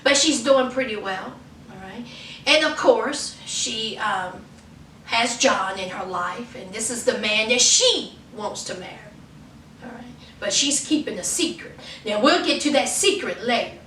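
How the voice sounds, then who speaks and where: A woman's voice: fairly high pitch, animated, unhurried, sharp tone. A woman from Virginia recapping a reality show in a sassy, laughing, chatty way. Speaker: vlogger. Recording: echoey room, distant mic, faint noise.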